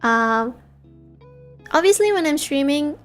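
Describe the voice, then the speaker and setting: A woman's voice: high-pitched, lively intonation, takes it slowly, a bit bright, faint music behind. A young woman from Singapore with a light Singaporean English accent, chatting casually on a stream, giggly and full of fillers and restarts. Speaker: VTuber streamer.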